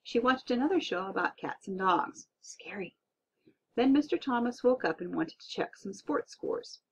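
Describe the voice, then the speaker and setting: A woman narrating a children's audiobook in a playful, expressive way, on a dull, lo-fi recording. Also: fairly high pitch, normal speed, slight background noise.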